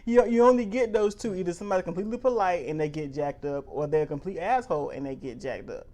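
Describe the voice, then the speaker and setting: A woman co-hosting a casual discussion, blunt and quick to laugh. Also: fairly low pitch, mellow. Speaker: podcast co-host.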